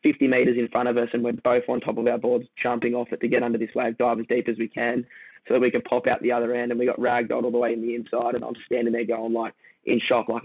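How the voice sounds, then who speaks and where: A laid-back Australian man tells his story in a flat, gravelly voice, rambling and restarting as he goes. He comes through a tinny, phone-like line with a dry sound. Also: medium pitch, quick pace, no echo. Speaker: guest surfer. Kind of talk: casual storytelling conversation.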